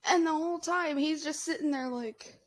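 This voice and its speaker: A woman's voice: sits high, moderate pace. A woman in her twenties, a mother, talking bluntly and chattily to camera in a casual vlog. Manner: blunt, chatty, laughs often. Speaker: vlogger, mother.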